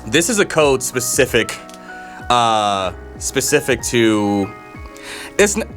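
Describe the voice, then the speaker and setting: A man co-hosting a casual podcast, talking in an animated, profane way and laughing often. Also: medium pitch, takes it slowly, soft background music. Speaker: podcast co-host. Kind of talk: casual chat.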